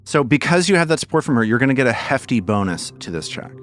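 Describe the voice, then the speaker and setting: A man narrating a tabletop game as its game master, relaxed and prone to repeating words. His voice is mid-pitched and moves up and down in a lively way, with faint music underneath. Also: quick pace.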